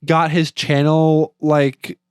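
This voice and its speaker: A man's voice: on the high side, level tone, slow pace, darkish tone, clear, resonant tone, no room sound, studio quality. A young man co-hosting a casual podcast, rambling and stammering through many restarts. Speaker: podcast co-host. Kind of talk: casual chat.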